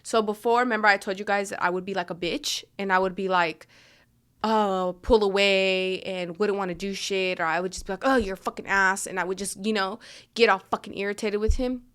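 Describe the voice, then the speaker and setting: A woman's voice: mid-range voice, fairly even intonation, a little fast, a bit bright, clear, resonant tone. A woman hosting a podcast, telling a personal story in a frank, emphatic way and swearing freely. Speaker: podcast host.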